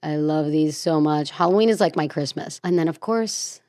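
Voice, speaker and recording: A woman's voice: low-pitched, normal speed, warm tone, dry recording, clean studio sound. A woman hosting her show in a bubbly, rambling, casual chat, gushing and laughing often. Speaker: podcast host.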